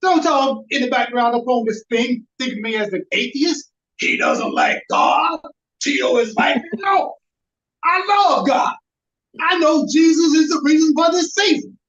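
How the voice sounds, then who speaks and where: A middle-aged man from Charlotte doing stand-up with a drawn-out, preachy delivery. He sits away from the mic in an echoey room. The video call audio comes through dull. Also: extremely high pitch, fairly bright tone, far from the mic. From Charlotte, North Carolina. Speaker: stand-up comedian. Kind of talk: stand-up comedy set over a video call.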